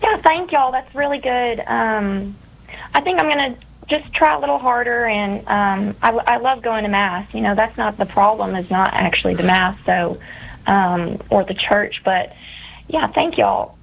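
A woman's voice: mid-range voice, a little slow, vocal fry. A woman calling in to a radio show, friendly and a bit hesitant. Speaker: caller. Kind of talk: phone call to radio show. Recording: dull phone line.

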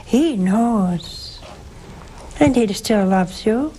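A woman, a nun hosting a religious call-in show, teaching slowly and emphatically with rhetorical questions. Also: mid-range voice, dark tone, a little hiss or hum, poor audio. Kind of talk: devotional teaching and call-in advice.

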